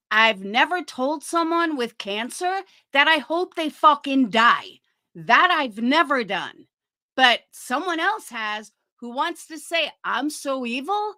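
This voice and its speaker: A woman's voice: high voice, sing-song, slow pace, bright, forceful tone. A woman hosting a livestream and ranting angrily, with heavy swearing and a sarcastic edge. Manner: heated, profane, sarcastic. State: fighting cancer. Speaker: livestream host. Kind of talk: angry livestream rant.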